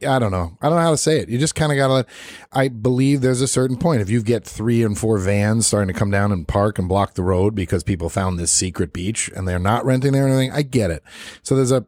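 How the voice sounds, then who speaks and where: A man's voice: fairly low pitch, quick pace, darkish tone, no echo. Easygoing podcast co-host, a man. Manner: easygoing, agreeable and joking. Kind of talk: casual chat.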